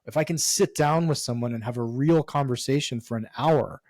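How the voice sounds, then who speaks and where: A man speaking with earnest emphasis and now and then a blunt curse, a guest in a candid interview. His voice sits at an ordinary middle pitch. The sound is dry and close, with no room echo. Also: fairly quick, darkish tone. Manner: earnest and emphatic, with casual swearing. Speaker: podcast guest.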